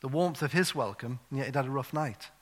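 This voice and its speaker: A man's voice: mid-range voice, a little fast. A man preaching a sermon in a conversational, storytelling way, full of "you know" asides, on a wireless mic in a church. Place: church hall. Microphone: wireless handheld or clip mic. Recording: long hall reverb.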